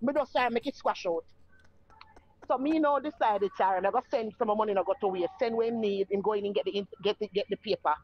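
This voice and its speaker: Animated Jamaican woman telling a story. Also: mid-range voice, fast talker, muffled recording. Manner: animated, acts out the voices in her story. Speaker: guest telling her story. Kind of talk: casual storytelling.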